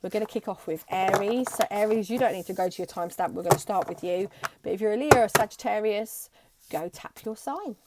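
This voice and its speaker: A woman's voice: mid-range voice, brisk, very noisy. A young adult woman chatting casually to camera as she gives a tarot reading. She is bubbly and now and then slips into playful voices. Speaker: tarot reader.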